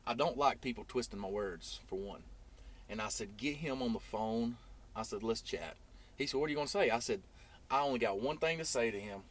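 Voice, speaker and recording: A man telling a long story casually in a vlog, rambling, and getting animated when he quotes others. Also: medium pitch, moderate pace. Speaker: trucking YouTuber.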